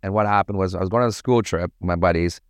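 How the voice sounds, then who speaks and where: A man from Toronto, a podcast guest telling stories in a casual, animated, slangy way. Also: sits low, fast talker, clear, resonant tone, dry recording, clean studio sound. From Toronto, Canada. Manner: animated, slangy, acts out voices in his anecdotes. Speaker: podcast guest, party promoter. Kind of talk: casual storytelling.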